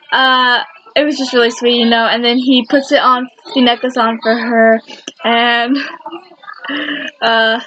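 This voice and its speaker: High-voiced woman rambling excitedly. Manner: rambling and enthusiastic, with many self-corrections. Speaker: fan video creator. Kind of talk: casual fan commentary countdown. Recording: dull lo-fi sound with faint noise.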